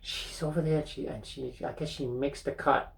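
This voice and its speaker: An older man hosting a comedy monologue, telling a rambling, halting anecdote from a bathroom, full of restarts and chuckles. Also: medium pitch, fairly even intonation, creaky, poor audio. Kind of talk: seated storytelling monologue. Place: bathroom, seated on a toilet.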